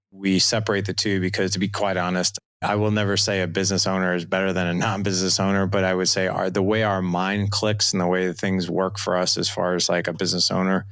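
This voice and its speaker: A man in his forties, a dad coach appearing as a podcast guest, talks fast with few pauses in a deep, smooth voice. In this casual interview he tells stories animatedly, acting out family conversations, and the recording is dry.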